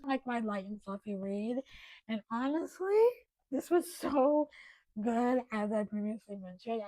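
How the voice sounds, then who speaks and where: A young woman chatting casually on her book vlog, gushing and excitable with bursts of loud enthusiasm. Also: a little high, dry recording, rough recording. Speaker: book vlogger. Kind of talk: casual chat.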